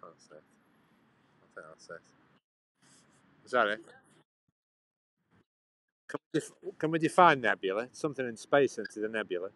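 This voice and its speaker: A man's voice: on the low side, animated, moderate pace, long pauses, a bit bright, no room sound, low-quality recording. A man rambling on a live stream outdoors, chatting back to his viewers. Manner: chatty, meandering, answers chat questions. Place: outdoors in a sunny town.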